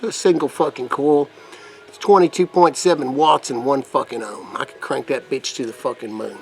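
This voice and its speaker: A man's voice: medium pitch, normal speed, darkish tone, soft background music. A man reviewing vape mods in a rambling, profane vlog, putting on a crude redneck persona. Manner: put-on rough redneck persona. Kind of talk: casual product demo vlog.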